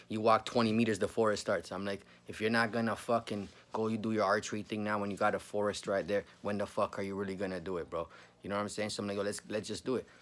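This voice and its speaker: A man's voice: on the low side, a bit bright. A man, telling a story casually, full of slang and swearing. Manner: slangy, swears a lot, says bro often.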